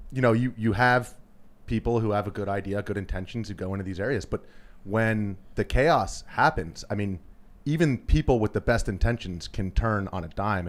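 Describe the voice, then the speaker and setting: A man on a podcast panel, talking in a measured, explanatory way in casual chat. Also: on the low side.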